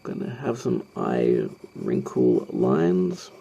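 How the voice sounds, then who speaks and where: Narrating a live drawing tutorial as he sketches, this host rambles hesitantly, full of ums and self-deprecating remarks. His rumbling low voice swoops wildly in pitch and is slow, creaky and mellow, on dull audio with a little hiss or hum.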